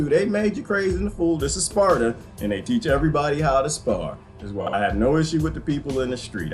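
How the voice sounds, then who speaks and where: A man from the Washington DC area rambles through a morning monologue, talking straight to his viewers and laughing often. His voice sits at an ordinary middle pitch but leaps up and down as he flips between loud bursts and low asides. Soft music plays faintly in the background. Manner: animated, swings from loud outbursts to low muttering. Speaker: livestream host.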